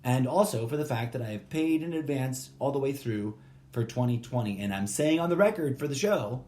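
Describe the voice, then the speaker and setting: A man talks alone on his own podcast, at a middle pitch. He reads stiff terms and conditions aloud, then wanders off into jokey, rambling asides. Every so often he punches a word with sudden emphasis. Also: fairly quick. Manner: jokey, animated bursts of emphasis. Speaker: podcast host. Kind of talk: rambling solo podcast monologue.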